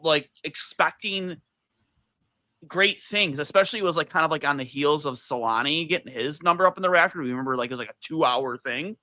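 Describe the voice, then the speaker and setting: A man guesting on a podcast, telling stories in a heated, animated way with lots of fillers. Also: on the high side, fairly quick, dry recording. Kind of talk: casual chat.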